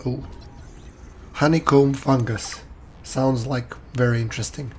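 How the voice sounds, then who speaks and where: A man with a hoarse, worn voice chatting casually while streaming a game and thanking viewers. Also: medium pitch, steady tone, unhurried, darkish tone, a little hiss or hum. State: hoarse, losing his voice. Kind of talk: casual live gameplay chat.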